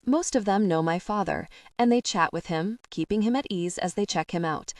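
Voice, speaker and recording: Woman narrating romance, low and intimate. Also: moderate pace, no room sound. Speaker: audiobook narrator. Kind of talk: first-person romance narration.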